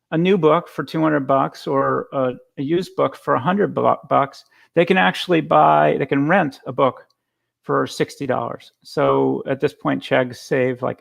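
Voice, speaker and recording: A man's voice: medium pitch, creaky. A man giving a casual conference talk over a video call, telling stories with frequent restarts. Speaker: guest speaker.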